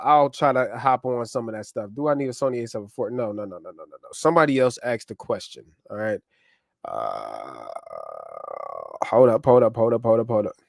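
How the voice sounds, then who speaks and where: A man's voice: mid-range voice, no room sound, clean studio sound. Chatty man streaming live. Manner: loose, chatty, shouting out viewers. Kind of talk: casual live stream chat. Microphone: wireless clip-on mic.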